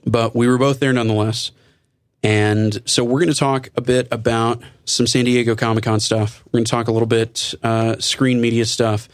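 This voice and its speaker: A man hosting a casual podcast chat, talkative and relaxed, with wry asides. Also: mid-range voice, moderate pace, no echo. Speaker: podcast host.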